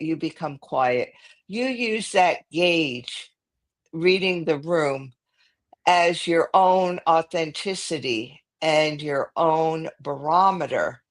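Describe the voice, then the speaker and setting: A woman moderating a panel discussion, affirming others and stretching key words slowly. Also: deep voice. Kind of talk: casual panel talk.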